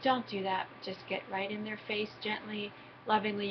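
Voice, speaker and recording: A middle-aged woman hosting a parenting advice video, explaining her methods in an earnest, practical, steady way. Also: medium pitch, moderate pace. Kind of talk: casual advice talk to camera. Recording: dull lo-fi audio with steady background noise.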